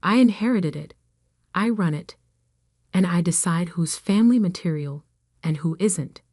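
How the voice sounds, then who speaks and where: A woman voicing an arrogant, domineering middle-aged uncle who runs the family company, cold and dismissive in a low, dry voice. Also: normal speed, warm tone, dry recording, close to an everyday voice.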